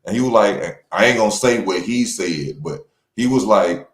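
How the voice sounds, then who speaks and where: A man talks boxing news straight to his viewers in a casual, slangy way, pressing his points hard and getting heated. His voice sits low. The sound is roomy and echoey. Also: moderate pace. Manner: conversational, slangy, gets heated and emphatic.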